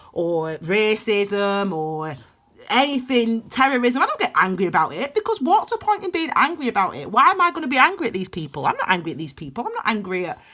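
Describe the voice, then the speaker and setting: A woman giving a passionate, blunt tarot reading that swings between loud emphasis and hushed intensity. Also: mid-range voice. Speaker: tarot reader. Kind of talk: intuitive tarot reading, spiritual pep talk.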